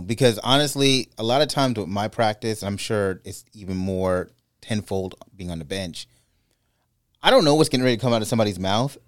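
Host guy, lawyer, lowish voice, gets animated, dry mic. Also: no room sound. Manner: lively, animated when telling stories. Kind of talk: casual podcast conversation.

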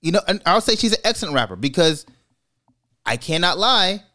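A man hosting a casual podcast, giving his opinions in a measured way and slowing down to stress his points. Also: high-pitched, very animated, pushed and bright. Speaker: podcast host. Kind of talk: casual chat, opinion commentary.

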